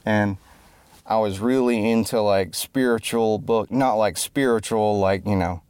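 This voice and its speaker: Unhurried and lowish, his darkish, clean voice is close-miked with no room sound. This adult musician and entertainer, raised before the internet, wanders through self-mocking jokes and keeps losing his thread.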